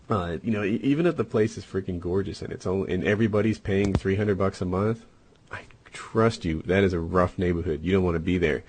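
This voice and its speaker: A man's voice: low voice, a little mellow. A man co-hosting a podcast, telling a long casual story with a rambling manner and many "and, uh" fillers. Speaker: podcast co-host.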